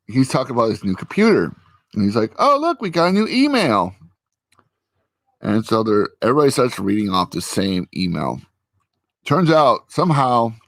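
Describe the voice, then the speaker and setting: Sitting at his computer with a friend, a man chats casually as he recaps a TV episode vlog-style, rambling on with many fillers and acted-out quotes. His voice is on the low side with vocal fry, and there's no echo.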